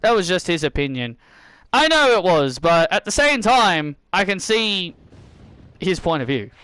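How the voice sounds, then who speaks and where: A man's voice: high voice, sing-song, measured pace, fairly bright tone, clean tone, dry recording. A man hosting casual gameplay commentary, rambling and often restarting and correcting himself. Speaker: channel host playing a video game.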